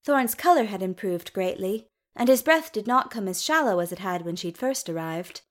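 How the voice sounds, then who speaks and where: A woman narrating a story in an unhurried, even manner. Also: mid-range voice. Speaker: reader. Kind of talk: storybook reading.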